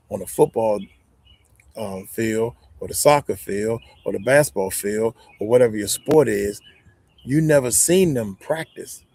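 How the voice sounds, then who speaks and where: A man's voice: fairly low pitch, husky, no echo. A man hosting a casual live stream, giving folksy, rambling advice with side tangents. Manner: folksy, animated, rambling with digressions. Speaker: YouTube growth coach, live stream host.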